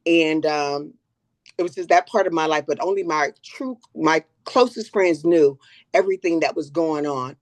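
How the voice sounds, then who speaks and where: A woman's voice: low voice, moderate pace, no room sound. An older woman talking openly as a guest in a personal conversation, earnest and reflective, often repeating words as she gathers her thoughts.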